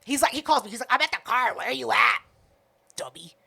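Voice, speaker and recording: A woman's voice: fairly high pitch, racing, creaky, sharp tone, slightly rough. A woman co-hosting a podcast, retelling a night out in a casual, profane chat full of quoted back-and-forth. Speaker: podcast co-host.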